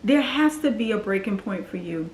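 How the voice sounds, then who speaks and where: A woman's voice: mid-range voice, lively intonation, normal speed, roomy sound, a little hiss or hum, poor audio. A woman in her forties telling her personal story to the camera in an earnest, confiding way. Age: 40s. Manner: earnest, confiding, acts out quoted voices. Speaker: vlogger.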